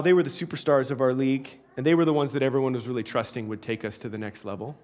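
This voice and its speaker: A man preaching a sermon as an animated, humorous story with frequent asides. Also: a little high. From Canada.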